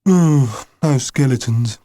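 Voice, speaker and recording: A man's voice: medium pitch, animated, slow pace, warm tone, slight background noise. A man reading an audiobook, voicing a young boy who sounds plaintive. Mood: disappointed. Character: disappointed young boy friend.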